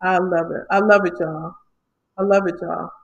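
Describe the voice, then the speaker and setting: A woman's voice: fairly low pitch, steady tone, moderate pace, creaky, reverberant, muffled recording. A middle-aged woman from Illinois, a career coach talking passionately to her livestream viewers and calling them y'all. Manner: passionate, preachy, addresses the audience as y'all.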